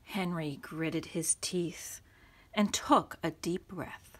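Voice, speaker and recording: A woman reading a children's storybook aloud to young listeners, in an expressive storytelling manner. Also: fairly low pitch, slow.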